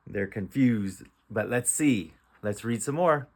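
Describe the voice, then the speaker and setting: Slow, patient man sounding out phonics. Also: lowish voice, darkish tone. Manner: sounds out letters one by one, then blends. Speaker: reading teacher. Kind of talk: slow phonics read-aloud lesson.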